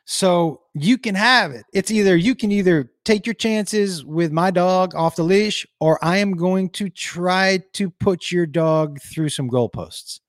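A man's voice: sits high, a little slow, hardly any pauses, dry recording, clean studio sound. A middle-aged man ranting on a casual livestream, telling a story and reading viewer comments with blunt, profane emphasis.

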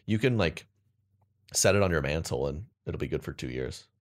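A man's voice: extremely low pitch, expressive, normal speed. A young man co-hosting a podcast, chatting casually in a rambling, jokey way. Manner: rambling, jokey, slips into silly put-on accents. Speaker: podcast co-host. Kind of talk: casual comedic chat.

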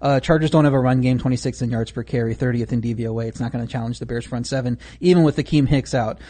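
A man giving stat-heavy football betting analysis in a measured, fact-driven way. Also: medium pitch, dark tone.

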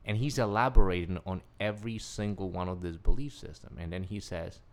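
A man, a guest on an interview show, recounts his story with growing excitement and slips into the voices of the people he quotes. His voice sits a little on the low side. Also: brisk. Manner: excitable, acts out quoted dialogue. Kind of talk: animated personal storytelling.

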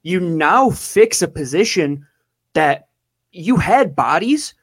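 A man's voice: sits high, sing-song, slow, slightly rough, no room sound. A man co-hosting a sports podcast, talking emphatically and drawing words out for effect. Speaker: podcast co-host.

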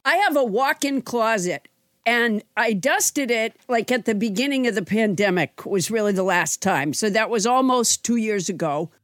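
A woman's voice: on the high side, expressive, moderate pace, dry recording, studio quality. Rambling, allergy-stuffed woman comedian. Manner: rambling, self-interrupting storytelling. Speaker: comedian and podcast host. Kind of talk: comedy podcast banter.

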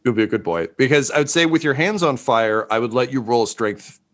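A man running a tabletop game as game master, relaxed and full of ums and uhs. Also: medium pitch, brisk.

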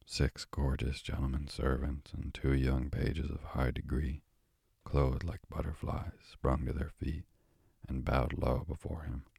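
A man narrating a classic novel as a soft, drowsy sleep story. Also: extremely low pitch, flat delivery, measured pace, vocal fry, husky, dry recording, studio quality. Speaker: bedtime story reader.

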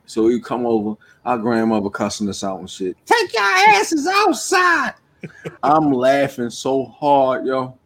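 A man co-hosting a podcast, telling stories loudly and swearing freely while he laughs a lot. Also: mid-range voice, steady tone, unhurried. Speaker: podcast co-host. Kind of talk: casual chat.

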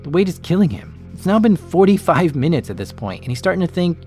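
A man narrating a true story as a podcast host, calm and measured, explaining technical terms plainly. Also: fairly high pitch, faint music behind. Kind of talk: scripted true-crime narration.

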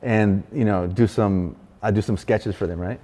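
A man guesting on a casual chat, telling a story with animated energy and plenty of swearing, and acting out other people's lines. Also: lowish voice, normal speed. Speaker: guest graffiti artist. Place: large arts venue room. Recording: echoey hall.

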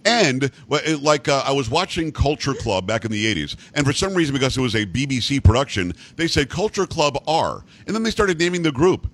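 A man's voice: mid-range voice, sing-song, fairly quick, few pauses, a bit bright. A man hosting a talk radio show, bantering with a teasing, mock-indignant manner.

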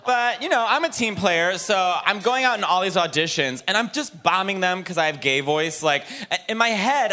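A man doing a stand-up comedy set on a club stage, animated and campy with quick jokes. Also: sits high.

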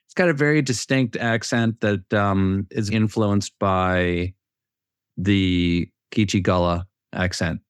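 Relaxed low-voiced man, dry close sound. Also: slow pace, clear, resonant tone, no room sound. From Charleston, South Carolina. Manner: relaxed storytelling, thoughtful asides. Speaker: guest. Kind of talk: casual chat.

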